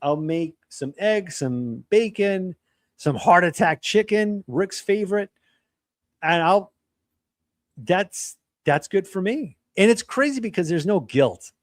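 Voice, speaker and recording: A man talking as an interview guest, animated and laughing as he tells stories. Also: sits high, slow, dry recording. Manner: animated storyteller, laughs while telling. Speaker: podcast guest. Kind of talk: casual interview chat.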